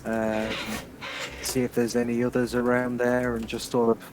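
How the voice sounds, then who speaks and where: A man playing a tabletop role-playing game at a mid-range pitch. He talks softly and hesitantly, with lots of fillers, over faint background noise. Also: completely flat delivery, moderate pace. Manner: hesitant, many fillers, soft-spoken. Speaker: player.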